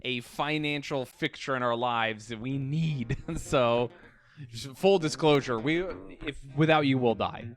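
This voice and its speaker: A man's voice: mid-range voice, a little slow. A young man co-hosting a comedy podcast, laughing often and swearing freely as he riffs. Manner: laughs often, profane, goofy riffing. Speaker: podcast co-host. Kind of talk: casual comedic chat.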